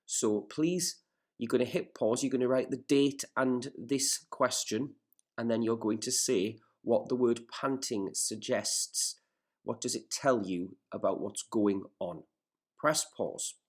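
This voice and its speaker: A male teacher reading a story aloud in a recorded lesson, stopping to explain words and setting questions in a patient, measured way. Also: mid-range voice. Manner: careful, measured classroom delivery.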